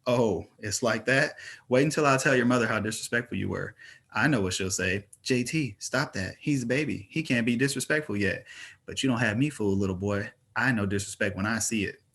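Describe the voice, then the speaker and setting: A man's voice: on the low side, brisk, a bit bright, breathy edge. A man reading aloud voices a playful twenty-year-old father who acts mock-stern with his children.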